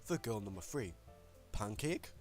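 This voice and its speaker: Lively, profane man gaming. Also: on the low side, unhurried, faint music behind. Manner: casual, profane, self-mocking. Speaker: gaming channel host. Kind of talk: let's play commentary and reading game text.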